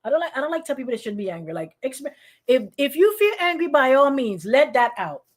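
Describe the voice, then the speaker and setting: A woman's voice: high voice, big pitch swings, fairly quick. A middle-aged woman pastor preaching informally, calling on listeners by name and acting out quoted voices. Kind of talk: informal sermon to an online congregation.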